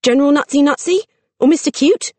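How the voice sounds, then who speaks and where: A brave, spirited girl pitched well above the storyteller's usual voice, sharp and indignant, as a narrator puts her on. Her questions come out quick and pointed, recorded dry and close. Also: no room sound, lightly acted.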